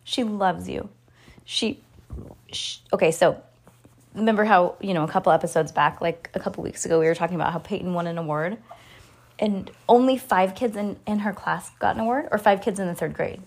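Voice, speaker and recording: A woman's voice: fairly low pitch, a little fast, slightly rough. A woman in her thirties, a mother hosting a podcast, chatting with her child and reading a children's book aloud in a giggly, talkative way.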